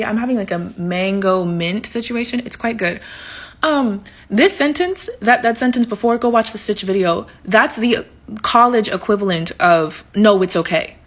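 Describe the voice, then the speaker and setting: A woman with a husky voice gives college advice straight to camera. She sounds earnest and keeps urging the viewer to act. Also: a little high.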